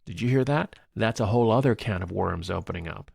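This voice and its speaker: A man co-hosting a movie podcast, retelling film scenes in a casual, animated way and laughing often. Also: fairly low pitch, a little fast, gravelly, slightly rough, dry recording, clean studio sound. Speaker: podcast co-host. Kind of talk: casual movie review chat.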